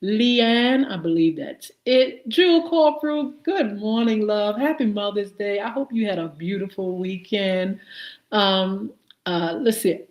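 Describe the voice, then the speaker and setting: Female live-stream host, unhurried, chatty greetings, roomy echo. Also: medium pitch. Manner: warm greetings to viewers, many fillers. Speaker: morning show host. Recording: echoey room.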